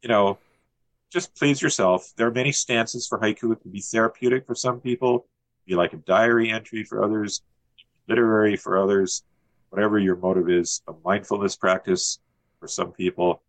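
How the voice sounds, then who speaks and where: A man as a guest poet, talking in a relaxed, thoughtful way and reading a poem in a steady, list-like cadence. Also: on the low side, normal speed, dry recording. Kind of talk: conversational interview with a poetry reading.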